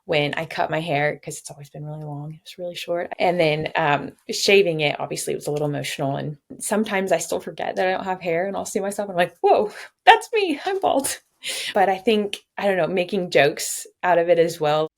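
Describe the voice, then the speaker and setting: A young woman with a notably low voice speaks candidly in an interview. She talks in an open, reflective way and sometimes lightens things with a laugh. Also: fairly even intonation, a little fast, vocal fry, few pauses. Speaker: patient sharing her story.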